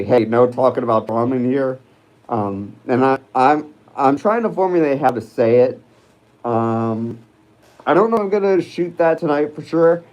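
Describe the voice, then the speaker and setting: A man's voice: medium pitch, darkish tone, muffled recording. A man hosting a casual livestream, chatting in a rambling, hesitant way with lots of fillers and restarts as he reads viewer comments. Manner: chats with viewers while reading live comments. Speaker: livestream host.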